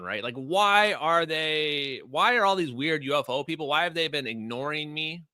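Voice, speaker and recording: Fired-up livestream host, man, bright edgy tone, swinging pitch, heated rhetorical rant. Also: no room sound. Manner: heated, emphatic ranting with rhetorical questions. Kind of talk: livestream commentary.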